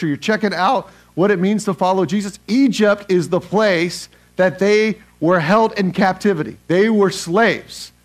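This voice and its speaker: A man preaching a sermon as pastor, animated, leading the congregation to read verses aloud with him. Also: high voice.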